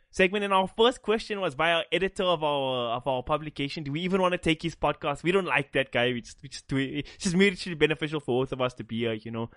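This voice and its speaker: A man's voice: a little high, dry recording, clean studio sound. A man from South Africa co-hosting a casual esports podcast, joking and teasing himself. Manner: joking, self-mocking, swears. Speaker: podcast co-host.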